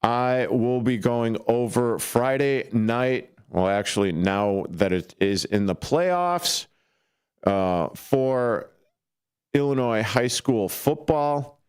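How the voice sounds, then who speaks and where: A man's voice: mid-range voice, slow pace, smooth, dry recording. A man hosting a casual sports talk radio show from a studio, talking in a loose, rambling way with plenty of fillers and restarts. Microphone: studio microphone.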